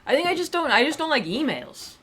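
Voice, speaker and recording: A woman's voice: sits high, sing-song, brisk, a bit bright. A woman streamer chatting casually to her viewers, rambling and wry, often restarting her sentences and swearing offhandedly. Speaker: livestreamer. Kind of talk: casual livestream chat.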